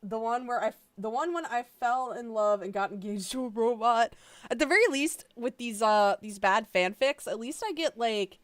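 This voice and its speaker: A woman's voice: a little high, moderate pace, few pauses. A woman reading bad fanfiction aloud with sarcastic, profane running commentary.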